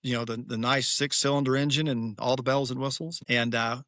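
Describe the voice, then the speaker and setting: A man's voice: mid-range voice, little pitch movement, a little fast, pushed and bright, no echo, clean studio sound. A middle-aged man, a guest author on a podcast, telling a personal story candidly and emphatically, with frequent restarts.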